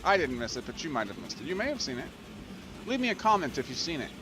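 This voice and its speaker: A man hosting a let's play video, giving excitable gameplay commentary, gushing and laughing often. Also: a little high, quick pace, background noise.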